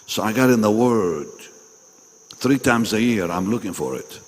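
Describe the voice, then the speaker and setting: A man's voice: lowish voice, animated, moderate pace. A man preaching a sermon at a pastors' meeting. He is emphatic, repeats his phrases and questions the audience directly. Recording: long reverb in a large hall.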